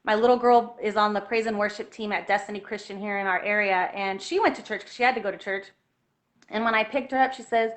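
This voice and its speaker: A woman telling a personal story in an earnest, animated way, at times close to tears. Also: mid-range voice, fast talker. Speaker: guest telling her story.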